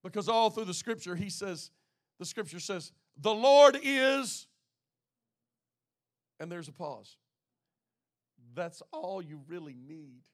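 A man with a high-pitched voice preaches a sermon. He swings from ringing exclamations down to hushed, intimate asides, and he reads scripture aloud between his points. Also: big pitch swings, slow, pauses often. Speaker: pastor.

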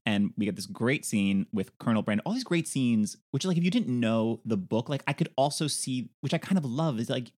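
A man's voice: medium pitch, lively intonation, a little fast, hardly any pauses, darkish tone. A man co-hosting a podcast, casually recapping a film's plot with playful asides. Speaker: podcast co-host. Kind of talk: casual film discussion.

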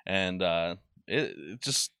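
Male podcast co-host, punchy bright voice, rambling and profane, low-ish pitch, dry close mic. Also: animated, slow, gravelly, smooth, no room sound. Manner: rambling and profane, lots of filler "like". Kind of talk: casual chat.

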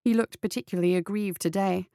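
A woman narrating a story in a steady, measured reading voice. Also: medium pitch, creaky, dry recording, studio quality.

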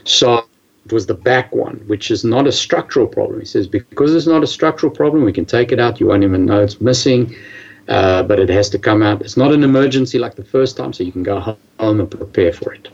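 A man tells a personal story in a casual, animated way, often stumbling and restarting his sentences. His voice has a gravelly edge. The recording sounds slightly dull and lo-fi. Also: medium pitch. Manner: animated, halting with many restarts. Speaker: guest telling his story.

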